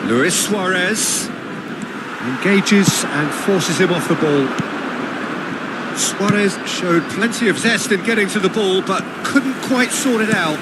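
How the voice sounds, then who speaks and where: A man voicing a football game's play-by-play commentator, excitable, rising to big shouts on goals. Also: sits high, slow. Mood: lively. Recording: game audio with loud background noise.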